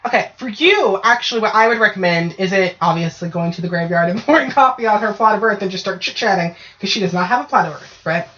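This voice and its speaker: A woman's voice: mid-range voice, quick pace, hardly any pauses. A woman hosting a casual podcast, ranting and telling stories with plenty of swearing. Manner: profane, ranting, animated storytelling. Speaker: podcast host. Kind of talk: casual chat. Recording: dull lo-fi podcast audio.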